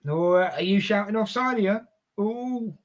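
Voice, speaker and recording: High-pitched guy doing live match reactions, lots of mate this mate that. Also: moderate pace. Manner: reactive banter, calls people mate. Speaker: co-host of a football fan livestream.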